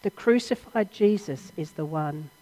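A woman preacher tells a story in an earnest, dramatic way, asking question after question. Her voice sits on the low side, and a long hall reverb trails each phrase. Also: expressive, measured pace, dark tone. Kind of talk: sermon, storytelling retelling.

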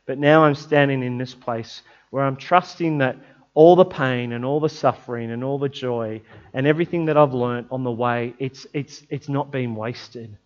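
A man preaches in a relaxed, conversational way, with a voice of middling pitch. He turns reflective and often sinks into a quiet, prayerful hush. The recording sounds a little dull and lo-fi. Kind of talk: conversational sermon.

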